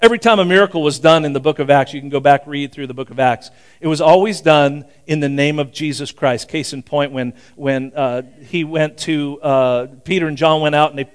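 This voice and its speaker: Conversational older preacher, smooth higher voice. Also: male voice, fairly quick. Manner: conversational preaching with frequent asides and restarts. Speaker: pastor. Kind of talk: sermon.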